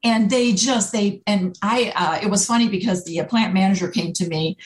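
A woman in her sixties, an HR consultant telling stories in a lively interview, with many fillers. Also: normal speed. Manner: animated storyteller, acts out quotes in higher pitch. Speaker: HR consultant, guest. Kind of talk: conversational interview. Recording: echoey room.

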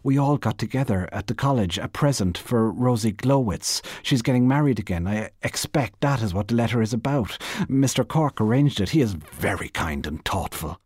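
A man doing a flustered woman jeweller, husky. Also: fairly low pitch, expressive, a little mellow, dry recording, clean studio sound, pitched above the performer's own voice. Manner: nervous, polite, quick. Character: flustered, anxious woman jeweller telling white lies.

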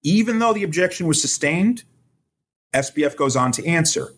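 A man as a legal expert guest, explaining courtroom rules in a measured way and quoting testimony. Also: on the high side, expressive, fairly bright tone, husky. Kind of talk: podcast interview analysis.

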